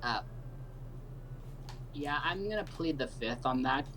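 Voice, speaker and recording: A man co-hosting a relaxed game stream. He reads out questions from the chat and teases his partner, laughing along in loose banter. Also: a little high, slow pace, noisy background. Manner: playful, teasing, laughs along. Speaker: co-host relaying chat questions. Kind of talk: casual chat.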